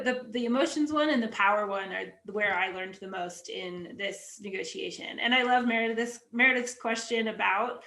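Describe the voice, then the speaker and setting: A woman's voice: medium pitch, gravelly, sharp tone, reverberant. A woman on a video call speaking casually and upbeat, with lots of "like" and restarts. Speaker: athlete, webinar participant.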